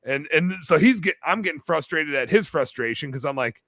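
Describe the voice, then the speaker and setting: A man telling a long story as a podcast guest, animated and full of fillers in casual chat. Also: a little high, brisk, no room sound. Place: bar-themed podcast set.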